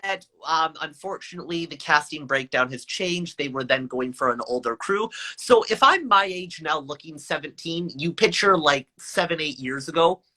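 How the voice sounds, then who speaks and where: A man in his twenties, a guest telling stories in a live video chat with high energy and a playful, self-mocking manner. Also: expressive, normal speed, few pauses, pushed and bright.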